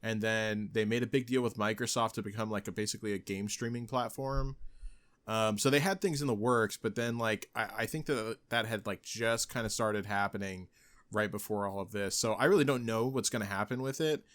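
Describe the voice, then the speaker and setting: Man, slightly low pitch, hesitant, halting delivery, casual podcast chat. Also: fairly even intonation, a bit bright. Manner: hesitant, many ums and restarts. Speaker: podcast co-host.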